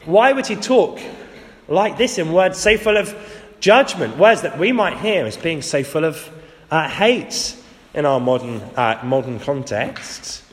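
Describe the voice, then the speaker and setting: Male preacher, slightly high voice, chatty and wry, long church reverb. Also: lively intonation, measured pace. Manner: conversational, lightly humorous, acts out quotes. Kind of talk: sermon.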